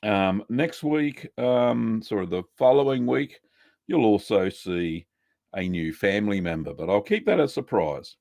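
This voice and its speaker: A man's voice: fairly low pitch, animated, measured pace, vocal fry, a little mellow, no room sound, studio quality. A middle-aged Australian man hosting a casual live stream, chatty and greeting viewers by name with plenty of fillers.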